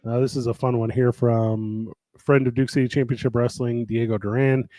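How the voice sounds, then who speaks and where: A man's voice: mid-range voice, level tone, normal speed, dark tone, no room sound. A man hosting a casual chat about a wrestling promotion's year, talking in a rambling way with many fillers and restarts.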